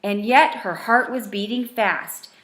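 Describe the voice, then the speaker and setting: Woman reading a rhyming bedtime story, slow and gentle, sing-song rhythm. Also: medium pitch. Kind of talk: bedtime story read-aloud.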